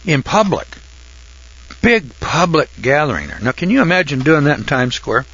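A man's voice: fairly high pitch, big pitch swings, normal speed, fairly bright tone, husky. An older man telling a long rambling story in a folksy, drawling way, full of fillers and restarts, then moving into Bible commentary. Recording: dull lo-fi recording.

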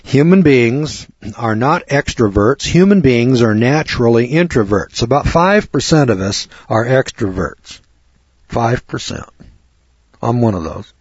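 A man preaches a sermon in a blunt, punchy, folksy way. His voice is husky. The recording is dull, lo-fi and dry. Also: mid-range voice, lively intonation, measured pace, dry recording.

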